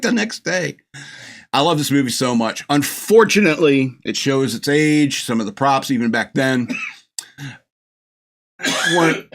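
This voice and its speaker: A man's voice: mid-range voice, fairly bright tone. A middle-aged man hosting a podcast, rambling through a casual movie review with frequent laughs. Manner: rambling and gushing, laughs often, acts out movie lines. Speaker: podcast host.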